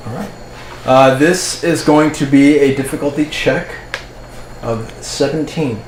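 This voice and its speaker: Male game master, steady descriptive narration, roomy echo. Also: mid-range voice, a little slow. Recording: echoey room, faint ambient noise.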